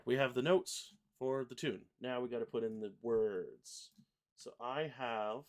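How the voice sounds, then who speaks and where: Male host for a software tutorial stream: low, gravelly, unhurried, talks while typing. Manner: relaxed, chatty, reads lyrics aloud while typing and clicking. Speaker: host, software product designer. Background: keyboard typing and mouse clicks.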